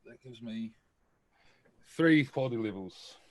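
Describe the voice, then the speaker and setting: A man playing a tabletop game in a casual, hesitant way, trailing off quietly. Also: medium pitch, expressive, measured pace. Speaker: player.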